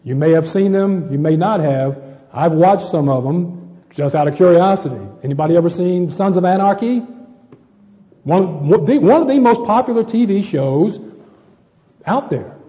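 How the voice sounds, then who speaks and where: A man's voice: high-pitched, animated, moderate pace, mellow, in a large hall, muffled recording. A man preaching a sermon to a congregation, addressing them as brethren and often repeating words as he searches for the next.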